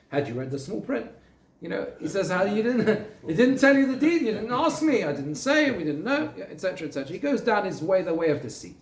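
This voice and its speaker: A man teaching a Torah class to a group, expressive, asking and answering his own questions and quoting Hebrew text. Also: a little high. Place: synagogue room. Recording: echoey room.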